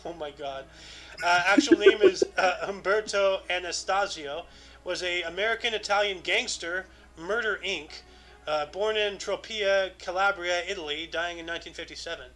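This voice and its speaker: High-voiced rambling man on a podcast. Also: moderate pace, a bit bright, rough recording. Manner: rambling, many fillers like "like" and "uh". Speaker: podcast co-host. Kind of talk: casual chat reading historical dates. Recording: music playing underneath. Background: music.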